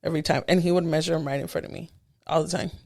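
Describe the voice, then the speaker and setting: A woman's voice: sits low, very fast, vocal fry. A young woman co-hosting a casual podcast chat, telling stories animatedly and laughing often. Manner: animated storyteller, acts out quoted people, laughs often. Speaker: podcast co-host.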